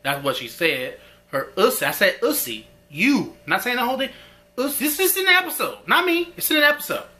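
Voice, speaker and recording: Lively slangy man recapping a show. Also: very high voice, a little fast. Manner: animated, slangy retelling with frequent laughter. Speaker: episode reviewer. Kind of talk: casual recap and commentary.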